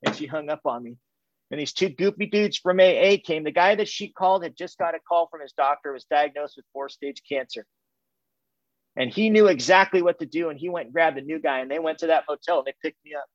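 This is a candid personal testimony from a middle-aged Californian in recovery, addressed to a recovery group and marked by halting restarts and repeated phrases. His somewhat high voice comes through with no room sound, in dull, muffled, dry audio.

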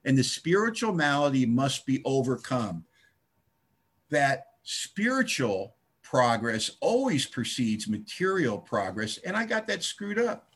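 A man's voice: mid-range voice, sing-song, a little slow, a bit bright, slightly rough. A middle-aged man speaking at a recovery meeting, telling his story with wry, self-mocking humor.

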